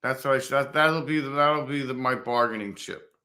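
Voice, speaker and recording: A man's voice: mid-range voice, brisk, bright, forceful tone. Profane rambling man in his fifties. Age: 50s. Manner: profane, rambling, acts out other people in a raised voice. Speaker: motovlogger livestreaming to viewers. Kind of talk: casual livestream chat.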